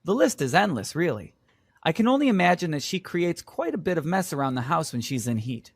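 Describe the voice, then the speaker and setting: A man's voice: fairly high pitch, sing-song, fairly quick, vocal fry, no echo, clean studio sound, heavily acted. A man playing a patient vet in a scripted exam listening dialogue, explaining things reassuringly. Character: calm reassuring male vet. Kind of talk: scripted exam role-play.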